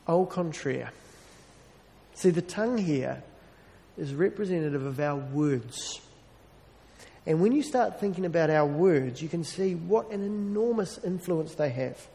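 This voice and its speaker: A man's voice: a little high, animated, measured pace, vocal fry, warm tone, long reverb tail. A man preaching a sermon in an earnest, conversational way, with wry self-deprecating asides.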